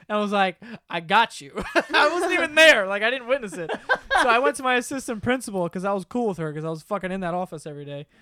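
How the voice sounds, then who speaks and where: A man's voice: sits high, expressive, fast talker, sharp tone, no room sound, studio quality. A young man hosting a podcast, casually telling stories among friends. He laughs as he talks, swears freely and acts out other people's lines. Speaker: podcast host.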